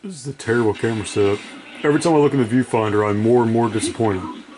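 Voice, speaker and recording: A man's voice: medium pitch, rapid-fire, a little mellow. A sleep-deprived man giving rambling, profane, self-deprecating commentary while playing a video game. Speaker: gaming video creator. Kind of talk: casual gameplay commentary.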